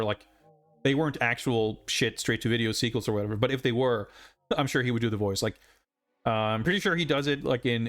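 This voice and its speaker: A man casually chatting while streaming a video game live, rambling with lots of fillers and asides. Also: mid-range voice.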